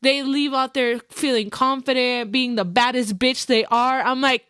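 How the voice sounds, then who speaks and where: A young woman hosting a podcast, chatting casually about her work as a hairstylist, animated and mixing in Spanish phrases. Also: high-pitched, unhurried, few pauses, clean tone, no echo, studio quality. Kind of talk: casual chat.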